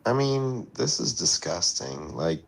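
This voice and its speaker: A man's voice: low-pitched, very animated, takes it slowly, gravelly. A man joining a livestream chat, joking and teasing the host. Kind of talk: casual chat.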